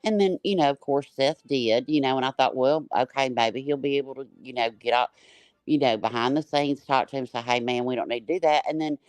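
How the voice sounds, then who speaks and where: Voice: mid-range voice, fairly quick, no echo. A panel guest talks in a loose, rambling way, stumbling over restarts and piling up fillers. The voice sits mid-range, and the sound is dry and close with no room to it. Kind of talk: casual livestream chat.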